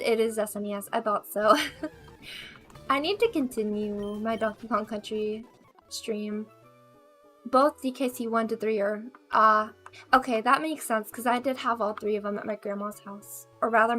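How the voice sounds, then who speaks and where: A woman's voice: on the high side, fairly bright tone. A bubbly woman streaming a game, chatting casually with viewers and laughing often. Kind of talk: casual gaming chat.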